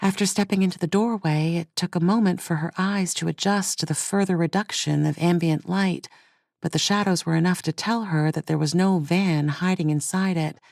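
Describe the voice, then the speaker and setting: A woman narrating a thriller audiobook in a measured, even storytelling manner. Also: on the low side, vocal fry, no room sound, clean studio sound. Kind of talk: scripted narration.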